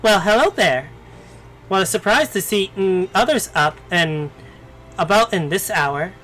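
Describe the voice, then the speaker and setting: Playful fox spirit in a game, read by a man; high, slow, teasing. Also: lively intonation, a bit bright, low-quality recording. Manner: coy, teasing reading.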